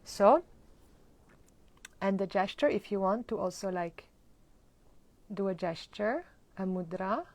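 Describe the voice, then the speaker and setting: A woman's voice: mid-range voice, expressive, slow pace, long pauses, a little mellow. A woman teaching a live-streamed mantra lesson, explaining and chanting with laughter. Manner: acts out groggy morning complaints. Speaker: spiritual teacher.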